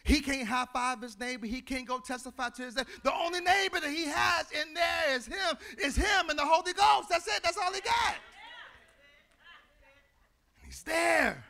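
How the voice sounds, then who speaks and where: Gravelly high-voiced preacher man. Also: moderate pace. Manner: preaching cadence, swinging from shouted, sung phrases to low murmurs. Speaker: pastor. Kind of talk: sermon.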